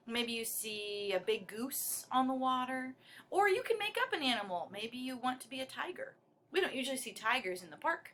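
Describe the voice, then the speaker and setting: A woman with a high, bright voice guides young children through a movement song, cheerful and encouraging as she explains each step. Guitar music plays behind her, clearly heard. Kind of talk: leading a children's dance song. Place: at home. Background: acoustic guitar.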